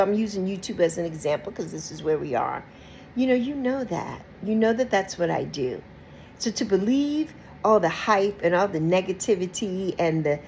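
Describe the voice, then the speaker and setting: A woman's voice: medium pitch, gravelly, slight background noise, low-quality recording. A woman hosting her own channel, talking casually and emphatically to her viewers, repeating phrases, often ending lines with "right?" and breaking into laughter. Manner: expressive, with bursts of laughter and mock quoted voices. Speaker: YouTube host. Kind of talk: casual talk to camera.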